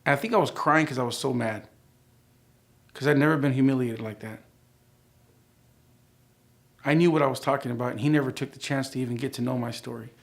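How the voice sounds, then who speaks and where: Middle-aged man, gravelly voice, animated testimony storyteller. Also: mid-range voice, a little fast, long pauses. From United States. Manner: animated storyteller, acting out quoted dialogue. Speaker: church member sharing his testimony.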